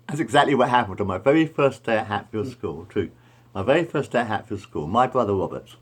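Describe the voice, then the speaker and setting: A middle-aged man with a lowish voice tells a personal story in a meandering, repetitive way. He keeps circling back and correcting himself, casual and unscripted. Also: expressive, fairly quick, husky.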